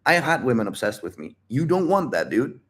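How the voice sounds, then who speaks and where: Blunt, animated male dating coach. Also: medium pitch, fairly quick. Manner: blunt, animated, repeats phrases, swears freely. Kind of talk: casual livestream Q&A. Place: home livestream.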